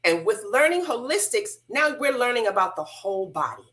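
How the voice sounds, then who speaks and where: A middle-aged woman telling her story as a radio interview guest, animated and colloquial, acting out the voices of people she quotes. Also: a little high, brisk. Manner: casual, colloquial. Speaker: guest, hair loss practitioner.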